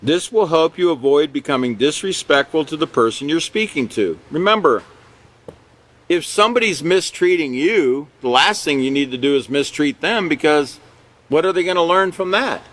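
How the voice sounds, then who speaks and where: A man leads a live character education class, talking it through conversationally. His voice sits a little high for a man. He checks in with "okay" and "you know" and chuckles now and then. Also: animated, moderate pace, fairly bright tone.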